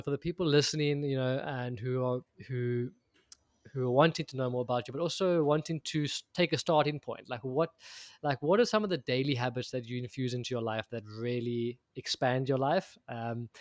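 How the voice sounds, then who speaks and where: A man hosting a podcast interview who speaks in a soft, halting way with many fillers. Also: mid-range voice, no echo, studio quality. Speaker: podcast host. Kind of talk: interview conversation.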